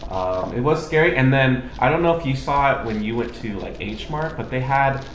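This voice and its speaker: A man co-hosting a home cooking channel chats casually and tells stories while he eats. His medium-pitched voice is animated and a little fast, and he acts out his own inner thoughts. The room is echoey, with faint background noise.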